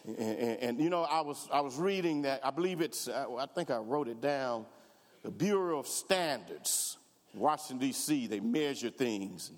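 A man's voice: mid-range voice, lively intonation, normal speed. A man preaching a sermon as pastor, with rising fervor, acting out the voices of worried congregants and their prayers. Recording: reverberant hall.

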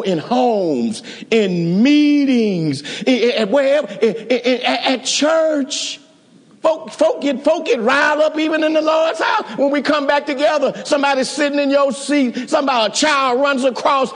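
A man's voice: high voice, long reverb tail. A man preaching a sermon, emphatic and rousing, calling out to his congregation and often restarting his phrases. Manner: calls out to the congregation.

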